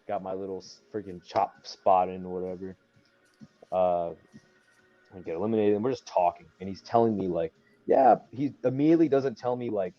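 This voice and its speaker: A young man, a wrestler, telling a story in casual chat, rambling with lots of fillers and acting out what people said. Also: on the low side. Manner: rambling, many fillers, acts out quotes. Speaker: wrestler guest. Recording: dull lo-fi sound.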